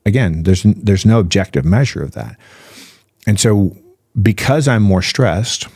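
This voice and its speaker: A low-pitched man talks through ideas in a relaxed podcast chat, firing off rhetorical questions and checking in with "right?" as he goes. His voice is recorded close and dry, with no room sound around it. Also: unhurried, slightly rough, dry recording. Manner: animated, piles up rhetorical questions and "right?" tags. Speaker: physician guest. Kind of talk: casual podcast explanation.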